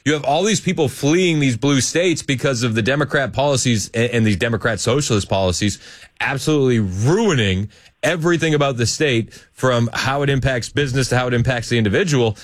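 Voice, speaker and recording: A man's voice: medium pitch, a little fast, dry recording, studio quality. A man, hosting a talk radio show in a chatty, joking way with frequent laughter.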